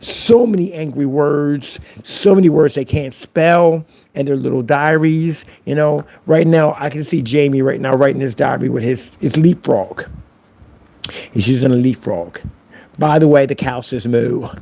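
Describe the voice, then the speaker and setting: A man ranting to camera in a sarcastic, mocking way, sometimes dropping to a soft whisper as he teases. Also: mid-range voice, measured pace, gravelly. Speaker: online seller of projector screen paint.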